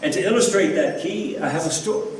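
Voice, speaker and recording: A man's voice: sits high, lively intonation, fast talker. A man preaching a sermon as pastor, earnest, asking his listeners rhetorical questions. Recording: echoey room, from a distance, faint background noise.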